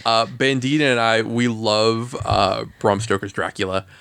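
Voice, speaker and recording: A man in casual chat on a podcast, telling an animated story and laughing often. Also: on the low side, unhurried, vocal fry, clean tone, no room sound.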